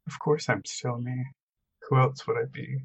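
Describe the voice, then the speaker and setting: A tabletop player voicing a troubled young man who is losing control of a strange power, speaking quietly and earnestly. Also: mid-range voice, little pitch movement, normal speed, vocal fry, husky. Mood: subdued. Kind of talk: in-character tabletop role-play.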